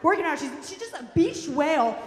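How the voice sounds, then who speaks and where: A woman's voice: high-pitched, very animated. Wry storyteller woman in an echoey hall. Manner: fast, wry, profane, self-mocking. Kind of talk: live comic storytelling. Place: live venue hall. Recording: echoey hall, faint room noise.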